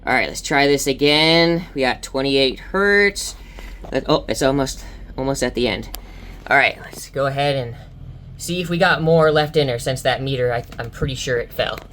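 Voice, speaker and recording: A woman vlogging car audio tests from inside a car, excitable and exclaiming to her viewers as she talks through the results. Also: a bass voice, moderate pace, slight background noise. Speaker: car audio enthusiast testing subwoofers. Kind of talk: excited vlog commentary.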